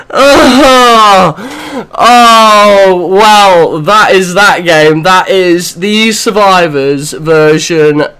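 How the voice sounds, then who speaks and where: Young guy doing let's play commentary, high voice, slow easy delivery, swears a lot. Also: fairly bright tone. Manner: chatty, swears often, talks to himself and his teammate. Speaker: gaming channel host.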